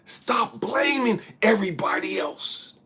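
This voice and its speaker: A man's voice: high-pitched, slow pace, bright, forceful tone, husky. A man giving a blunt, profane spiritual monologue, preaching hard and at times dropping into a whisper. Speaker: spiritual speaker.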